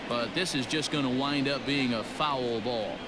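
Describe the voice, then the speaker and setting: A man voicing the play-by-play announcer of a baseball video game, calling each pitch in a measured way. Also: close to an everyday voice. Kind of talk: recorded sports commentary. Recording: game audio under stream noise and crowd.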